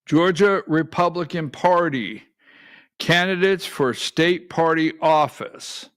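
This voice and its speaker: A man's voice: on the high side, slow pace, a bit bright. A middle-aged man hosting a political talk radio show from a studio, folksy and calling on his producer for clips.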